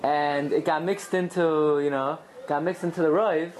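A woman teaching a lively Talmudic lesson, acting out quoted voices and asking and answering her own questions. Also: deep voice, moderate pace, slight background noise. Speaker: Torah teacher.

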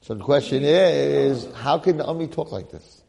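A man giving an informal, animated Torah class to a group, talking casually and dropping in Hebrew and Yiddish terms. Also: fairly high pitch, a little slow, creaky, breathy edge. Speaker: Torah lecturer.

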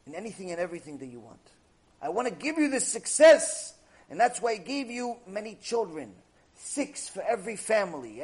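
A man with a fairly high, husky voice delivers a Torah lecture. He drives his points home with emphatic, repeated rhetorical phrases. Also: a little mellow. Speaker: Torah teacher.

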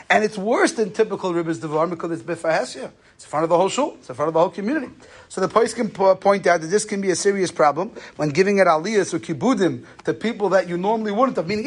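A man giving a conversational Torah lesson on Jewish law, telling stories and using Yiddish and Hebrew terms. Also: high-pitched. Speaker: rabbi lecturer.

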